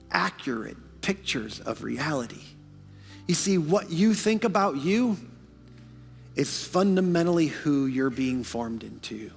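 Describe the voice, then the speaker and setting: A man preaching as pastor in a church, swinging from hushed to fervent with quick asides. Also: on the high side, in a large hall. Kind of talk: sermon. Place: church sanctuary.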